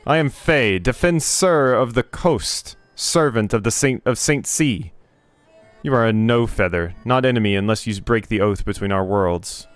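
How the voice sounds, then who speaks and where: A man's voice: mid-range voice, measured pace, dry recording, faint music behind, natural voice. A man voicing a proud, zealous male gull in a video game, in a pompous, formal way with broken phrasing. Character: proud zealous talking gull, a male sea bird guard.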